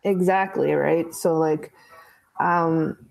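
A woman's voice: deep voice, fairly even intonation, slow, gravelly, darkish tone, poor audio. A woman teacher, a guest on a podcast, chatting casually and laughing often between her points. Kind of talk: casual interview chat.

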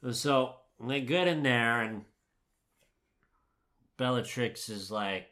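A man in casual chat, recapping a film with animated, exasperated, sweary ranting. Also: medium pitch, slow, pauses often. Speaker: podcast co-host recapping a film. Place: home room, packing to move.

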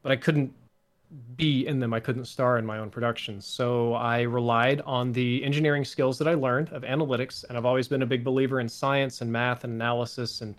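A man talks at length as a guest in a casual interview, in an articulate voice he has trained over years. He tells stories with dry, self-mocking wit. His pitch sits in the middle for a man. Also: fairly even intonation, fairly quick. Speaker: guest, gaming content creator.

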